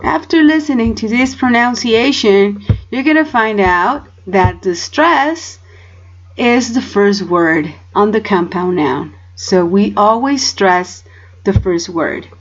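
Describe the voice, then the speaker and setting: A woman's voice: mid-range voice, lively intonation, slow, lo-fi sound. A woman teaching English in a recorded home lesson. She explains step by step and often checks in with "okay?".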